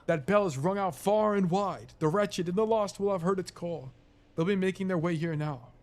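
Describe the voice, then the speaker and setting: A man's voice: high voice, normal speed, a little mellow, pitched above the performer's own voice, lightly acted. A man voicing a grouchy male bug caretaker in a put-on English accent, reading game dialogue aloud and scolding.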